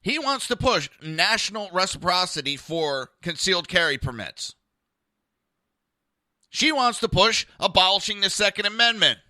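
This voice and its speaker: A man's voice: high-pitched, sing-song, normal speed, bright, forceful tone, dry recording, clean studio sound. A man hosting a political talk podcast, ranting bluntly and sarcastically with lots of profanity and talking to his live listeners. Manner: talks to listeners in a live chat. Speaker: podcast host.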